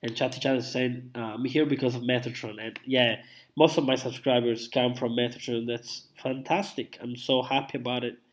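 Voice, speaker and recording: A man's voice: medium pitch, little pitch movement, moderate pace. A young man, feeling unwell, chatting loosely to viewers on a live stream, rambling with many fillers and restarts. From Italy. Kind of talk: casual live-stream chat.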